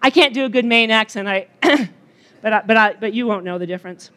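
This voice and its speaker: A woman's voice: on the high side, fairly quick, a bit bright. A middle-aged woman giving a chatty opening talk at a retreat, joking and bantering with the audience. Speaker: retreat speaker.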